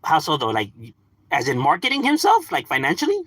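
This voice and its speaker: A man's voice: fairly high pitch, wildly swooping pitch, fairly quick, a bit bright, husky, no echo, poor audio. A man streaming live, talking in a laid-back, slangy way and chatting to his viewers. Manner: laid-back slangy talk with frequent "like" and "bro". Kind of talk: casual live-stream chat.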